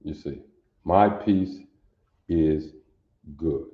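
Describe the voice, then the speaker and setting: Slow-talking man teaching a language. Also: extremely low pitch. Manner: slow, repetitive, checks understanding often. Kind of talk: classroom lesson. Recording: dull lo-fi audio in an echoey room.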